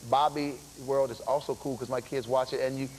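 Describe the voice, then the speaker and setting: A man guest-hosting a talk show, chatting in an excitable, teasing way and repeating his points for emphasis. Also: medium pitch, a little fast, low-quality recording. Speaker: guest host. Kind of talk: casual talk show chat. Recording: loud crowd and background noise.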